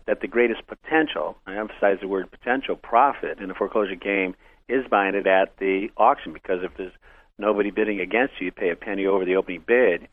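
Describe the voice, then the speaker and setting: An older man, a real estate investor, telling animated stories in casual chat, loud when quoting people. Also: low voice, fast talker. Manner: animated anecdotes, voices quotes loudly. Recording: tinny phone-like radio broadcast.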